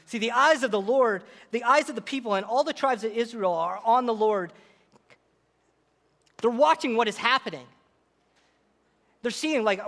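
High-voiced man preaching in a reverberant hall. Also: moderate pace, long pauses. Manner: animated preaching, dramatic quoted voices. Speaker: pastor. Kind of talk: sermon.

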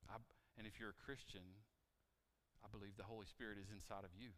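A man's voice: lowish voice, steady tone, brisk. Man preaching in a reverberant church. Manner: asks the congregation questions, swings between loud emphasis and quiet appeals. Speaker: pastor. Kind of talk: sermon. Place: church sanctuary. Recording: reverberant church hall, mic cutting out.

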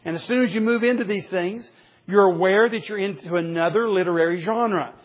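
A man preaching a conversational sermon, earnest, rising in pitch for emphasis and dropping to quiet asides. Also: a little fast, highs cut off.

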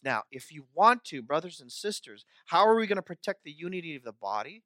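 Man preaching, bright and dynamic. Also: on the high side, sing-song, a little fast, hardly any pauses, no room sound. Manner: repeats key phrases for emphasis, swings from soft to loud. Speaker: pastor. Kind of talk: sermon.

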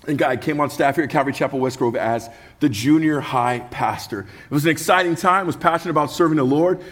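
A man's voice: a little high, fast. A male pastor preaching a sermon, earnest and passionate, weaving humorous personal stories into his message.

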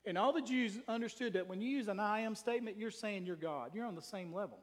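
Pastor guy preaching hard, high voice, long echo like a big church hall. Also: fast talker. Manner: emphatic preaching, reads scripture aloud. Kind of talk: sermon. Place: church sanctuary. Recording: long reverb from a large hall.

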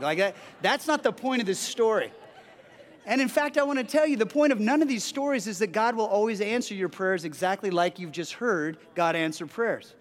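A man's voice: sits high, animated, normal speed. A man preaching a sermon as pastor, telling stories earnestly with frequent restarts. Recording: long hall reverb.

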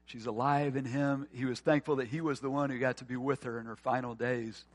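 A man preaching a sermon, earnest and often quiet and tender, then rising to forceful emphasis. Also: mid-range voice, steady tone, fairly quick, no room sound. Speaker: pastor.

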